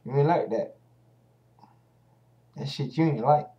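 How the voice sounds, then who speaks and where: A man's voice: medium pitch, a little slow, muffled recording. A man giving casual ranting commentary as a vlogger, heated and profane, speaking straight at the hosts he criticizes.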